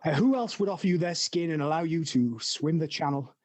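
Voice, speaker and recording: A man's voice: on the high side, brisk, a little mellow, no echo. A man co-hosting a podcast, joking around in playful, absurd banter. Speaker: podcast co-host. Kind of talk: casual chat.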